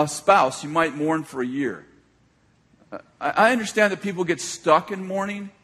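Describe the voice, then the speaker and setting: A man's voice: fairly high pitch, a bit bright, breathy edge, in a large hall. An older man preaching a sermon as a pastor, speaking in a conversational, storytelling way with frequent restarts.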